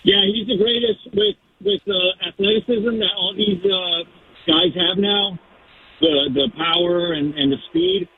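A male caller who speaks haltingly and stops often on sports radio. His voice is high and husky. It comes over a tinny, phone-like cell line. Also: steady tone. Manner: halting, many fillers. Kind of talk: phone call opinion.

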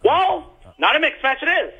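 A man's voice: very high-pitched, very animated, moderate pace, creaky. A man calling in to a radio show, trading insults with another caller. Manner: combative, insulting. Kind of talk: radio call-in banter. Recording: noisy phone line.

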